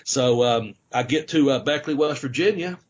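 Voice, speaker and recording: A man's voice: medium pitch, moderate pace, slight background noise. A middle-aged man, a former wrestler, casually telling rambling stories on a podcast, with lots of fillers and laughter. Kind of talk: casual storytelling chat.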